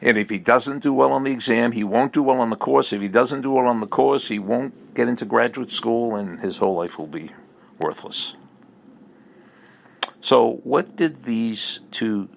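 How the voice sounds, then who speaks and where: A man's voice: medium pitch, vocal fry, fairly bright tone. A man giving a recorded motivational message as a speaker and teacher, emphatic and repetitive like a coach.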